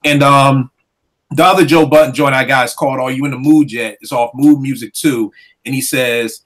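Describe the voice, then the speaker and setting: A man's voice: mid-range voice, normal speed. A man in casual chat about rap lyrics who acts out voices as he tells stories. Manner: animated, acts out voices while telling stories.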